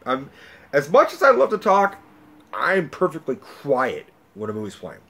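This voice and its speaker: A man's voice: fairly high pitch, huge pitch swings, moderate pace, gravelly, a bit bright, husky. A man vlogging a film review as a casual, profane rant, rambling and talkative with lots of filler words.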